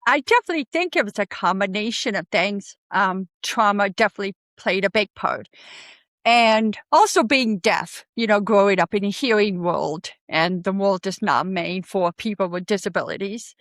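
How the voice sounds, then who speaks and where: Woman guest, mid-pitched, candid and earnest, dry close sound. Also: lively intonation, moderate pace, fairly bright tone, no echo. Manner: earnest, candid, laughs easily. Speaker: podcast guest, forest bathing guide. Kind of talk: casual interview talk.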